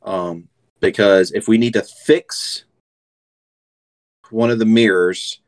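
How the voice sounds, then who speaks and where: A man's voice: on the low side, fairly even intonation, slow. A man acting as game master, laying out the plan in a tabletop game while thinking aloud.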